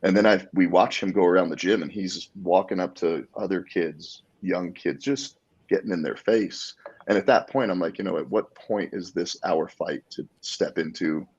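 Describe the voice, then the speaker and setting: Deep gravelly man telling a story. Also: normal speed, dull audio. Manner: animated storyteller acting out quotes. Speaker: guest, jiu-jitsu black belt. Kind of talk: casual storytelling.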